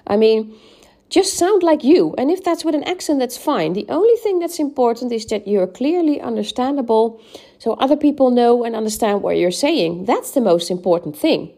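Speaking at a moderate pace in a warm, animated voice on the high side, a woman hosts a solo podcast of speaking advice. As an English speaking coach, she's encouraging, with lots of "um"s and "right?" prompts.

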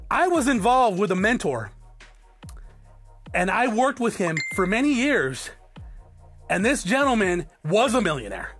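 Blunt, profane podcast host, lively pitch. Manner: blunt, profane, keeps checking in with "okay?". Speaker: podcast host, business owner. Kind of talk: solo podcast monologue.

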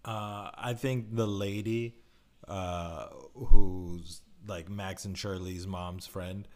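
A man's voice: deep voice, fairly even intonation, slow, a little mellow. A man co-hosting a casual movie review chat, joking and teasing. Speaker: podcast co-host.

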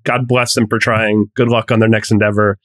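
A man's voice: lowish voice, little pitch movement, a little fast, fairly bright tone, no echo. Rambling, emphatic male co-host. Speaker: podcast co-host. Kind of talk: casual chat.

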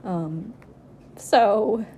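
A young woman co-hosting a casual podcast, giggly and excitable as she chats. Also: medium pitch, very slow, slight background noise. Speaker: podcast co-host. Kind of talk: casual chat.

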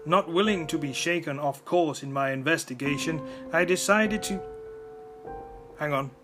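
Male podcast host, high-ish voice, deadpan and flustered, phone mic, music bed. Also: moderate pace. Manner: deadpan, mock-serious, flustered in asides. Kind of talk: deadpan comic monologue. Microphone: phone microphone.

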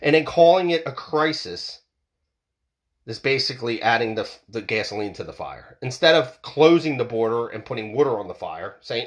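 A man's voice: medium pitch, lively intonation, normal speed. A man ranting heatedly, swearing often and repeating himself as he works up his argument. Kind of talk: political rant monologue.

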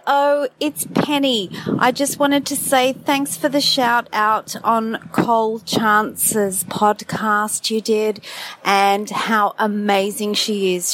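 A woman from Australia leaves a slow, warm voicemail of thanks. Her voice is light and high. A faint ambient hiss sits behind her. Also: low-quality recording. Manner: warm, blessing-giving. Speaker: listener leaving a voice message. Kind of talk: recorded voice message.

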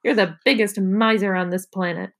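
A woman's voice: mid-range voice, fairly even intonation, moderate pace, a bit bright. Woman reading as a sulky fourth-grade boy.

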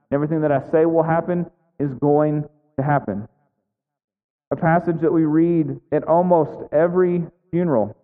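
Man preaching over a tinny line. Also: a little high. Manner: conversational preaching with frequent "right?". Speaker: pastor. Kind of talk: sermon. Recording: tinny phone-like sound with long hall reverb.

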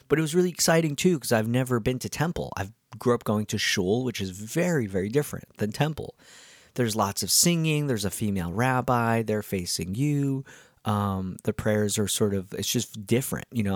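A podcast host who is also a musician tells stories from his week in a rambling, casual monologue full of ums and restarts. His voice is on the low side, captured with clean studio sound and no room tone.

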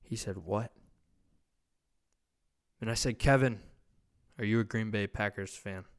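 A man's voice: on the low side, normal speed, clear, resonant tone. A young man hosting a podcast, telling a loose, profane, rambling anecdote in casual chat. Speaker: podcast host.

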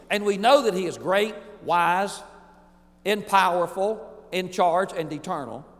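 A pastor preaching a sermon emphatically, swinging between booming declarations and hushed asides. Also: male voice, big-room sound.

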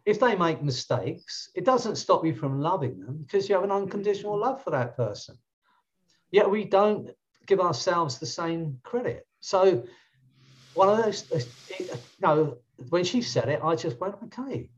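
An English coach and trainer with an English accent tells stories in a chatty podcast conversation, restarting his sentences often. His high voice is expressive and moves at normal speed. The audio sounds dull.

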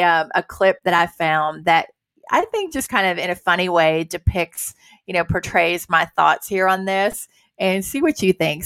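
Woman host, casual faith talk, lowish voice, dry close sound. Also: fairly bright tone, no room sound. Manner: conversational, earnest, many fillers.

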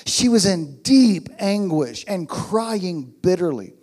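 A man's voice: high voice, expressive, takes it slowly, a little mellow, husky. A man preaching a sermon as pastor, emphatic and repeating his key phrases.

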